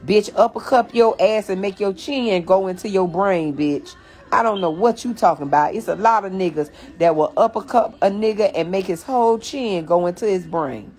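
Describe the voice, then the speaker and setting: A woman's voice: mid-range voice, normal speed, darkish tone. A woman hosting a live stream, ranting to her viewers in a blunt, mocking and profane way, calling them y'all, speaking into a phone.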